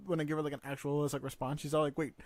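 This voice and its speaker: A man's voice: fairly high pitch, level tone, very fast, no echo, clean studio sound. A man in casual chat, cracking crude jokes and teasing his co-host. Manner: joking, crude quips and teasing. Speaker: podcast co-host.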